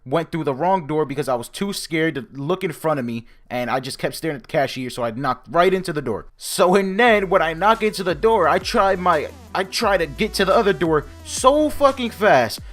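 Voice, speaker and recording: Animated, foul-mouthed young man telling a story. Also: on the high side, normal speed, few pauses. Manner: animated, profane, self-mocking. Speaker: vlogger. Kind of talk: casual storytime.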